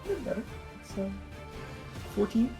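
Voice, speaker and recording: Animated, laughing tabletop player. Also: mid-range voice, moderate pace, creaky, over music. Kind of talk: playing a tabletop game.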